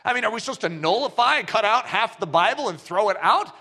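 Lively high-voiced male preacher. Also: fast. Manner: animated storytelling, acts out dialogue. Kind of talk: sermon.

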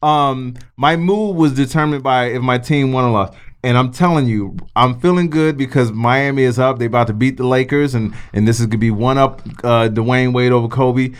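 A man co-hosting a podcast, telling stories in an animated way and swearing freely. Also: medium pitch, moderate pace, smooth. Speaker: podcast co-host. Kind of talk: casual podcast chat.

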